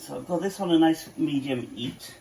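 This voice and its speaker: Fast, gravelly, yet mellow, this man's voice sits on the high side and carries a Welsh accent. He's a cafe cook walking through a recipe in his home kitchen as a casual cooking demonstration, chatty and full of fillers and asides. Audio quality is poor, with some hiss or hum.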